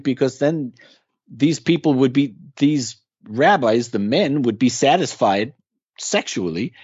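A man's voice: mid-range voice, darkish tone, slightly rough, no echo, lo-fi sound. A man talking as a guest in a casual interview, explaining with earnest emphasis. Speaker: guest musician.

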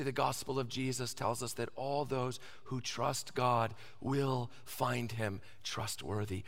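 A man in his thirties preaching a sermon, swinging from loud emphasis down to soft whispers. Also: sits high, long reverb tail. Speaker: pastor.

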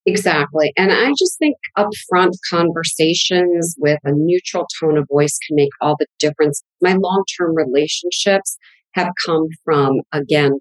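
A woman business coach answering interview questions in a plain, direct, steady way. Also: low-pitched, breathy edge, no echo, low-quality recording.

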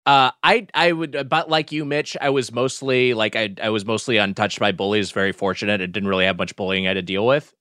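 A man's voice: lowish voice, a little fast, few pauses, a bit bright, no echo, clean studio sound. A man co-hosting a podcast, chatting casually and telling a rambling story that keeps correcting itself. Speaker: podcast co-host.

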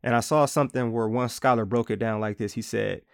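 A man's voice: medium pitch, steady tone, brisk, creaky, clean tone, dry recording, studio quality. A man hosting a podcast, teaching from the Bible in a casual, conversational way and playfully acting out quotes.

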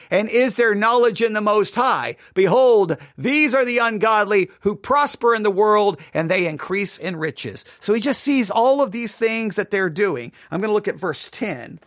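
A man's voice: high voice, a bit bright, no room sound, clean studio sound. A man leading a devotional Bible study who reads scripture aloud and then explains it in a conversational way, sometimes acting out the voices of the people in the passage. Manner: acts out voices of the proud and the doubter. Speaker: Bible teacher.

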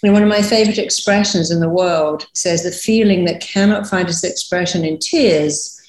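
A woman therapist, a guest on a podcast, giving reassuring advice in a relaxed, conversational way and acting out little quoted examples. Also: lowish voice, normal speed, reverberant, poor audio.

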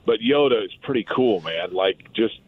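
A man's voice: on the low side, animated, moderate pace, a little hiss or hum. A man calling in as a guest on a radio show and chatting casually, rambling with many restarts. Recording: tinny phone line.

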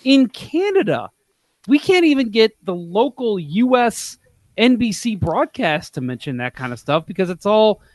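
A chatty, wry man talking hockey on a podcast. His voice sits somewhat high for a man. The recording is dry and close. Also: very animated, normal speed, darkish tone, no room sound. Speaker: podcast co-host. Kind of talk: casual sports chat.

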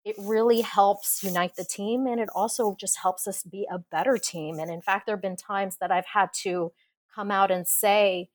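Woman engineer on a podcast, passionate and expressive, laughs a lot, middle pitch, casual chat. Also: normal speed, no echo. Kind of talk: casual interview conversation.

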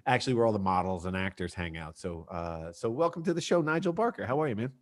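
A man hosting a podcast, joking and energetic, talking loosely with lots of filler words. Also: lowish voice, fast. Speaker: podcast host. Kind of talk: casual interview chat.

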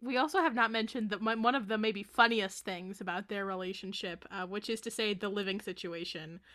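A woman on a casual fan podcast, explaining in an amused, measured way. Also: mid-range voice, fairly bright tone. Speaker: podcast panelist.

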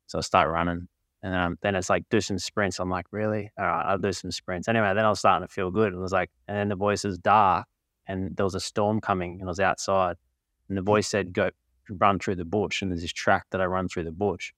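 Male podcast host, Australian accent, very low and dry, casual and rambling. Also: level tone, fairly quick, a bit bright, no echo. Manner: laid-back, swears casually, rambling storyteller. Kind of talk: casual interview chat.

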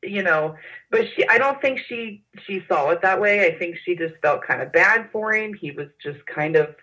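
A woman recalling events in an interview, speaking haltingly with frequent pauses and fillers. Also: on the low side, lively intonation, bright, forceful tone. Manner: hesitant, halting with many fillers. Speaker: interview guest. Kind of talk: personal recollection in an interview. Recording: dull lo-fi sound.

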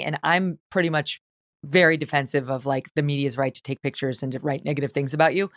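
A middle-aged woman hosting a talk podcast, chatting in an animated, opinionated way with quick asides. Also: sits low, no echo, studio quality. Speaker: podcast host.

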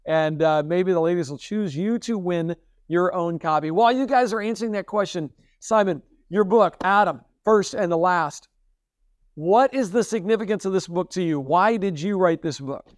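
A man's voice: sits high, normal speed, no echo, studio quality. An enthusiastic man hosting a faith podcast, upbeat and repeating himself for emphasis. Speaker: podcast host.

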